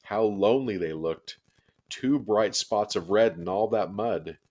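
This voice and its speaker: A man reading a children's chapter book aloud with steady, expressive storytelling. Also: fairly low pitch, measured pace.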